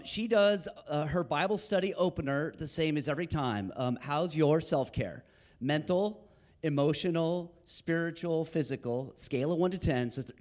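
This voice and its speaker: Male guest speaker, somewhat high voice, energetic storyteller addressing a congregation. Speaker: guest ministry leader. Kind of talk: storytelling from a church stage.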